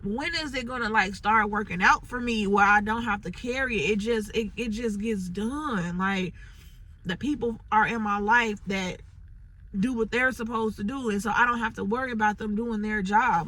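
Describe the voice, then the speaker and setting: Bright-voiced woman venting in her car. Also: medium pitch, normal speed, rough recording. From Chicago. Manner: frustrated, rambling, lots of "like" fillers. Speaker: entrepreneur vlogger. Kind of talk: unscripted venting monologue. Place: inside a parked car.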